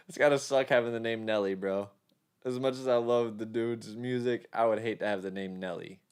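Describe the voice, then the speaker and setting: A man's voice: mid-range voice, clear, resonant tone. Casual New York man on a live stream. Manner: loose, swears freely, chats with viewers. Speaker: mixing engineer streaming live. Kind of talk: casual livestream chat.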